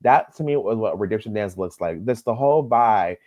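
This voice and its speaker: A man co-hosting a casual podcast, earnest and gushing, often halting and restarting his sentences. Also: fairly low pitch, animated, a little mellow, dry recording, highs cut off. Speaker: podcast co-host. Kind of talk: casual chat.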